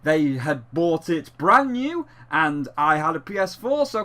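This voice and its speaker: A man's voice: on the high side, big pitch swings, measured pace, hardly any pauses, pushed and bright. A man reviewing a video game in a sarcastic, exasperated way, with plenty of swearing.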